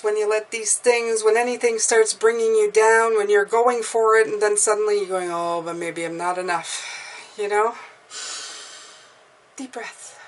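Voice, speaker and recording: A woman tarot reader giving an encouraging, casual spiritual pep talk, often repeating herself and breathing deeply aloud. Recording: mic at a distance, faint background noise.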